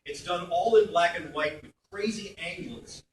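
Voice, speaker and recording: A middle-aged man from Brooklyn, New York, a voice actor talking at a convention panel Q&A in a chatty, animated way, recorded on a phone in the audience. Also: high voice, normal speed, far from the mic, slight background noise. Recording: echoey hall, phone mic from afar.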